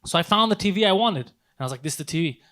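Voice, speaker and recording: Fast-talking man telling a story. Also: high voice. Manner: animated storytelling, heavy swearing. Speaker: podcast co-host. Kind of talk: casual comedy podcast chat.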